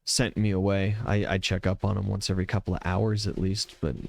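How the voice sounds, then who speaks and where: A man's voice: deep voice, level tone, brisk, creaky. A man voicing a timid little winged girl who talks hesitantly. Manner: hesitant, soft-spoken.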